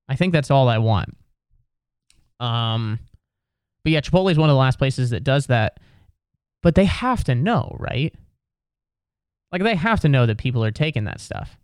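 A man's voice: medium pitch, a little mellow, clear, resonant tone, no room sound, clean studio sound. A man telling a rambling, exasperated comedic story in a casual, profane rant.

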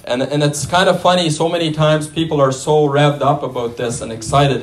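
A man's voice: on the high side, steady tone, brisk. A man preaching a sermon in a conversational way, with restarts and asides to the congregation.

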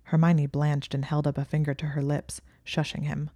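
A woman reads a story aloud in an even, calm manner. Her voice is low and mellow, with a close, dry sound. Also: moderate pace, no room sound. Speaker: narrator. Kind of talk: fan fiction reading.

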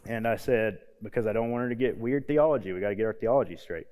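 A man in his thirties, a youth pastor, preaching a casual sermon with homey stories and quiet, low emphasis on key points. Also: fast. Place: church hall. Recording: long hall reverb.

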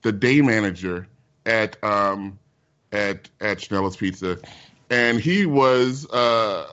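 A man's voice: on the low side, takes it slowly, fairly bright tone, clear, resonant tone, dull audio. Man rambling emphatically, with many restarts. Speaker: podcast co-host. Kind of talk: casual group chat.

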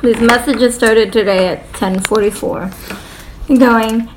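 A young woman with a fairly high voice reads out messages in a casual podcast chat. She adds dry, amused comments as she goes. A faint hiss sits under her voice. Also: fairly even intonation, takes it slowly, poor audio. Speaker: podcast co-host.

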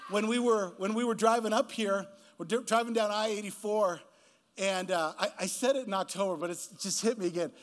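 A man's voice: high-pitched, brisk. A man in his fifties, a guest pastor preaching a sermon in a church, telling stories and acting out the people he quotes. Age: 50s. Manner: animated storytelling preacher who acts out quoted voices.

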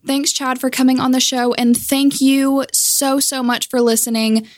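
A woman's voice: high voice, flat delivery, a little slow, no room sound, clean studio sound. A young woman hosting a podcast, wrapping up in an upbeat, breezy way. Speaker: podcast host. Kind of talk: casual podcast outro.

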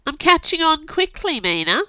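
A woman with a cold voicing a gruff male police sergeant who speaks in a measured drawl. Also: high-pitched, sing-song, sharp tone, no echo, pitched above the performer's own voice, full character voice. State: has a cold. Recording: dull, dry audio.

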